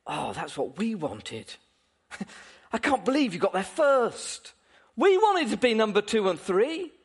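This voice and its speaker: An envious young disciple, as a preacher puts him on grumbles in a low, sulky voice, then lifts into disbelief. He sounds petty and jealous, in a sermon's retelling. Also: very animated, takes it slowly, breathy edge, full character voice. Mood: grumbling.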